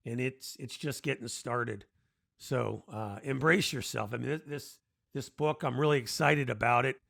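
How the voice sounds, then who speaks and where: A male podcast host whose voice is thick with gravel and fry. He asks long, halting questions full of restarts, and he is recorded dry and close. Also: mid-range voice, fairly bright tone, no echo. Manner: hesitant, halting phrasing with restarts. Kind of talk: interview questions.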